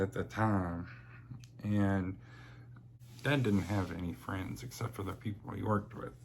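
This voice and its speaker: A man's voice: low voice, creaky, a little hiss or hum. A young man telling personal stories in a chatty, rambling way, with many fillers and laughs. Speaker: vlogger. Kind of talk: casual personal storytelling.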